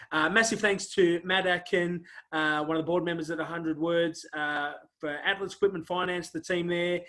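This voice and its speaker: A man hosting an interview show, talking casually and heaping praise on his guest with lots of fillers. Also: fairly high pitch. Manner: effusive, warm praise, many fillers.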